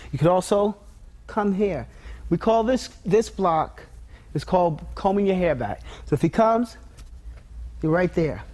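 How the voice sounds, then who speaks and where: A man's voice: sits high, a little mellow. A man teaching as a martial arts instructor, calling out drill commands and walking through step-by-step cues in an instructional demonstration.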